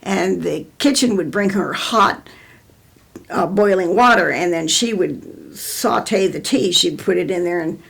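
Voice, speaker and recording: Older American woman, gravelly husky voice. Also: on the low side, a little slow, a bit bright. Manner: rambling storyteller with many restarts. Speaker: interviewee. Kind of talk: oral history interview.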